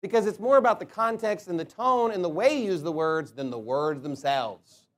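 A man preaching a sermon, asking rhetorical questions and slowing down to stress his points. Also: sits high, expressive. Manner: emphatic, rhetorical questions, slows to stress words.

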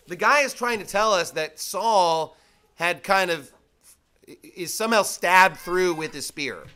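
Bright high-voiced man teaching the Bible. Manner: conversational, full of rhetorical questions and "like"; emphatic, repeats his points.

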